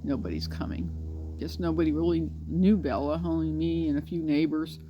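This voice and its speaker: A woman talking casually to the camera beside her dog's pen, tearful and grieving, speaking haltingly with many pauses and restarts. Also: low-pitched, lively intonation, dull audio, a little hiss or hum. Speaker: pet owner vlogger. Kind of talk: casual personal vlog.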